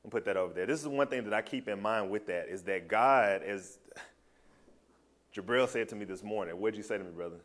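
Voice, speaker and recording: A man sharing a personal testimony with a small group, telling his story in a loose, animated and heartfelt way. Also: lowish voice, fast talker.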